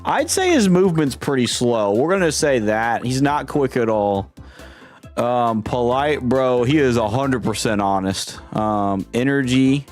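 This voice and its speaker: A man's voice: medium pitch, expressive, a little slow. Young male streamer, rambling, amused commentary, faint game music underneath. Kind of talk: casual gaming commentary.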